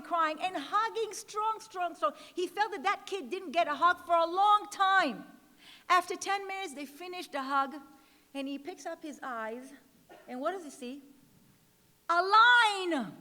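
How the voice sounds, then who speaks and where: A woman's voice: extremely high pitch, pushed and bright. A woman giving an inspirational speech at a gala, telling stories and repeating key words for emphasis. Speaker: speaker at an education gala. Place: large event hall. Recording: long hall reverb.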